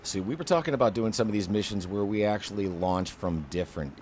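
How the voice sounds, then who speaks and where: A man's voice: fairly low pitch, fast, a little mellow, a little hiss or hum. A man hosting a flight simulator session, chatting with a co-pilot and explaining missions with enthusiasm. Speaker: flight sim channel host. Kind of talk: casual co-op flight sim chat.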